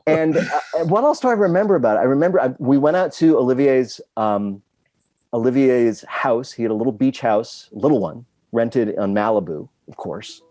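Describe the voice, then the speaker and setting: Speaking at a normal pace, this man has a medium-pitched, expressive, mellow voice with no echo. He's a guest screenwriter in a relaxed interview, wandering through self-mocking anecdotes and frequently starting over.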